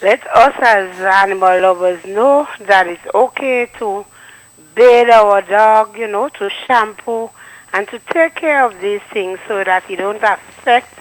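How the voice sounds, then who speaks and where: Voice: medium pitch, measured pace, a bit bright, dry recording. A caller phoning in to a radio show and giving earnest advice to listeners. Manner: earnest, advising. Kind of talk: call-in comment. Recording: tinny phone line.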